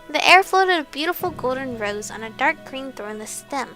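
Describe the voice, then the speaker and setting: A woman's voice: high-pitched, animated, normal speed, few pauses, bright, forceful tone, soft background music. A young woman hosting a let's play, reading a romance game aloud and gushing with giggly, emotional reactions.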